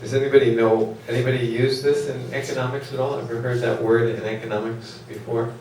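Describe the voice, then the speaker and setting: A man lectures on economics in a lecture hall, recorded from far off with echo and a little hiss or hum. His medium-pitched, darkish voice is level and fairly quick as he rambles, puts questions to the class, and uses many fillers.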